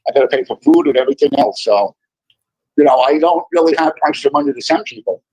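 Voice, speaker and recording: An older man with a New York accent, a guest on a livestream chat, excitable and repeating himself as he insists he is honest. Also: a little high, quick pace, slightly rough, no room sound, rough recording.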